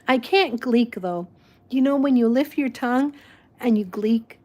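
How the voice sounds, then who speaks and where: A woman whose first language is Spanish, chatting casually and rambling warmly with frequent restarts and laughs. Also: a little high. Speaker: vlog host. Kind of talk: casual chat.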